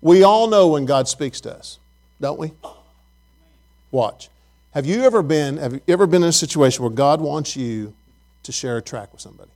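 A man's voice: fairly high pitch, expressive, moderate pace, pauses often, a little mellow. A man preaching a Bible lesson, asking his listeners questions and often repeating words as he goes.

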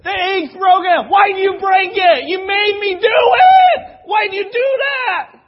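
A man voicing a whining, panicky man wailing and blaming others over a broken egg, shrill and frantic. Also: expressive, unhurried, raised voice, some chatter behind. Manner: shrill, frantic, self-pitying. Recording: dull lo-fi recording.

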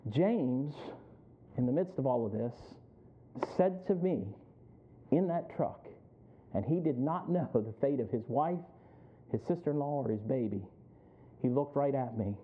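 Tinny-sounding preacher man, storytelling sermon. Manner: storytelling that builds to loud, high preaching. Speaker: pastor.

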